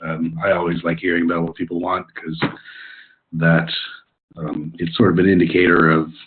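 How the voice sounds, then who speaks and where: Low-voiced man on a tinny webinar line. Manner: informal, thinking aloud with frequent ums and uhs. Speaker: technical expert answering audience questions. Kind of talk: webinar Q&A explanation. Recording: tinny phone-like webinar audio.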